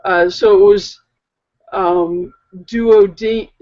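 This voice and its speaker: Woman co-host, mid-pitched, unhurried and halting, lo-fi recording. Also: fairly even intonation, a little mellow. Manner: slow and hesitant, many pauses and fillers. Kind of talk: casual chat. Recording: muffled lo-fi audio.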